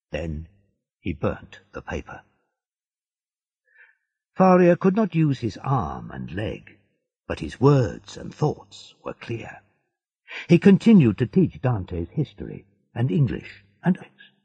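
A man narrating a story in a slow, deliberate storybook reading. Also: lowish voice. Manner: slow, gravelly, dark-toned reading. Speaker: audiobook narrator. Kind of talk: scripted narration of a graded reader. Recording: dull lo-fi dry recording.

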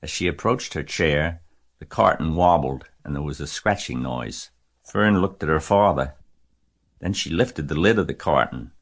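A man narrating a children's novel aloud in a measured, gentle storytelling manner. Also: extremely low pitch, animated. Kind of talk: audiobook reading of a children's novel.

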